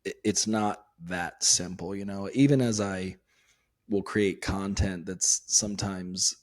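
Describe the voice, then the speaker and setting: Slow, calm man hosting a podcast. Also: deep voice. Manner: calm, affirming and measured. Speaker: podcast host. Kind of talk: casual conversation.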